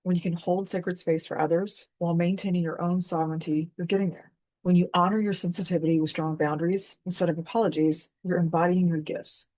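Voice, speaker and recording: A woman's voice: fairly low pitch, steady tone, fairly quick, a little mellow, dry recording. A woman hosting a spiritual talk, telling a personal story in an earnest, candid, conversational way. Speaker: host.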